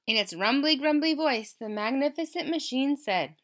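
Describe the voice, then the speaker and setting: A woman reads a picture book aloud to young children, expressive and engaging, and stops to ask them questions. Her voice is fairly high. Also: moderate pace, hardly any pauses. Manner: expressive, asks listeners questions. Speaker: elementary school teacher. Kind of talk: storybook read-aloud for children.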